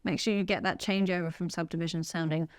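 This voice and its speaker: A woman with a lowish, steady, smooth voice talks fast as she teaches a drum lesson, upbeat and counting the beats aloud while she plays. The voice itself sounds dry, though it's recorded in a music studio with a loud drum kit.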